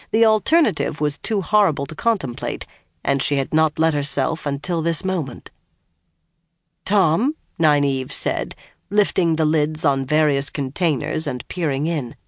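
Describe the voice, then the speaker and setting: Steady audiobook narrator, dry studio sound. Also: mid-range voice, normal speed, no room sound. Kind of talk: scripted fantasy narration.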